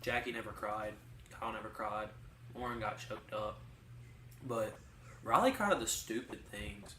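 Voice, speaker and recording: A man's voice: fairly low pitch, moderate pace, pushed and bright. A young man co-hosting a podcast, rambling through casual stories in a chatty way, full of fillers. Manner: rambling, chatty storytelling with many likes. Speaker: podcast co-host. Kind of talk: casual chat. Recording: roomy sound from a distant mic with faint hiss.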